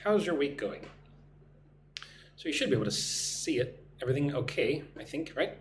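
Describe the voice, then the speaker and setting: Speaking at normal speed with big pitch swings, a fairly high-voiced American man hosts a live English lesson online. The echoey room has a faint hum as he welcomes viewers by name and has them repeat drilled phrases.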